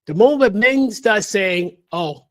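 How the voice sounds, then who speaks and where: Man, high-pitched voice, emphatic, repetitive, lecturing livestream rant. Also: lively intonation, moderate pace. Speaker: livestream host.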